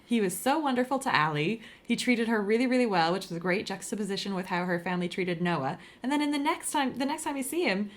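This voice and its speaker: A woman's voice: medium pitch, animated, fast, hardly any pauses. A woman co-hosting a podcast, talking in an easygoing, thoughtful and agreeable way. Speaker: podcast co-host. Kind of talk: casual chat.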